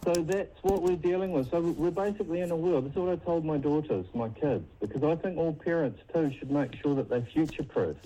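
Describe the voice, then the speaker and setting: A man's voice: a little high, a little fast, hardly any pauses, dark tone, low-quality recording. A man with a New Zealand accent calling a talkback show, rambling and insistent. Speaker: caller. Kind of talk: phone-in call.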